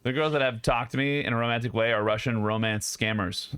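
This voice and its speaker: A man's voice: medium pitch, fairly even intonation, fairly quick, fairly bright tone, clean tone. A young man streaming live, chatting casually with his viewers and joking and laughing a lot.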